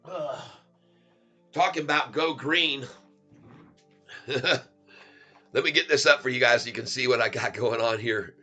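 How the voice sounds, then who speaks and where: A man's voice: medium pitch, a little slow, long pauses, sharp tone, soft background music. A man giving playful live commentary on his stock trades, laughing often and chanting goofy little rhymes. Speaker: stock trading streamer. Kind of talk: casual live trading commentary.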